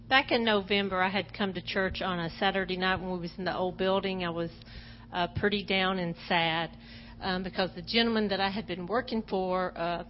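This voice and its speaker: A woman sharing a personal testimony at church, talking hesitantly with frequent pauses and fillers. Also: lowish voice, highs cut off, a little hiss or hum.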